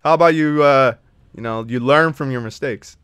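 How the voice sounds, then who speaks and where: A man's voice: medium pitch, moderate pace, a bit bright, clear, resonant tone, no room sound. A man live-streaming a video game, chatting casually and trash-talking his chat with lots of swearing.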